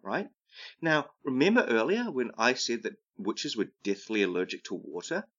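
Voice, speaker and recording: A man's voice: medium pitch, sing-song, moderate pace, fairly bright tone. A man giving rambling comedic advice who keeps tagging his sentences with "right?". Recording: dull lo-fi recording.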